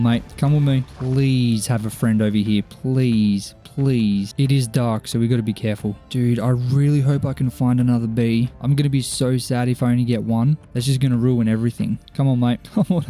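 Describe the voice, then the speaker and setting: A young gaming YouTuber with a mid-range voice gets excited over his Minecraft survival let's-play. He's animated throughout, talking to his viewers, gasping, and pleading with the mobs, while faint music plays in the background.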